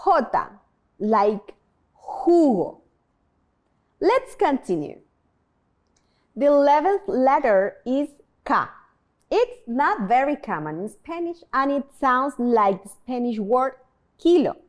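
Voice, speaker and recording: A woman teaching a beginners' language lesson, speaking in a clear, drawn-out way and pausing for her listeners to repeat. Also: high-pitched, sing-song. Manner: clear, drawn-out enunciation with pauses for repetition. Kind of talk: slow, deliberate language lesson narration.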